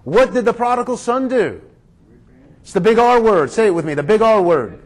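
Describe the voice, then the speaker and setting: A man's voice: high voice, animated, moderate pace. A man pastor preaching a sermon, emphatic and drawing his congregation into call-and-response.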